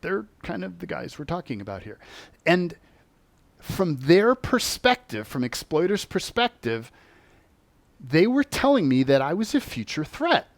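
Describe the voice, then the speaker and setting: Animated man telling a spiritual story. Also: fairly high pitch, a little slow, vocal fry, no room sound. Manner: animated, acts out quoted voices. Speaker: spiritual teacher. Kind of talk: personal storytelling talk.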